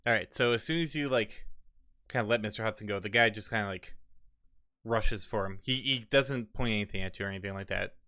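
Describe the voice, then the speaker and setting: A man's voice: lowish voice, brisk, bright, forceful tone, dry recording, clean studio sound. A man narrating as game master of a tabletop game in a loose, filler-heavy way.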